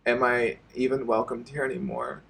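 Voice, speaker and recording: A man vlogging an emotional personal confession to his viewers, halting and repeating himself and swearing often. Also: mid-range voice, level tone, gravelly, a bit bright, slight background noise.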